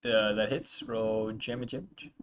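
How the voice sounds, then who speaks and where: A man's voice: fairly low pitch, a little slow, slight background noise. A man narrating as dungeon master in a tabletop game, hesitant and full of ums and uhs.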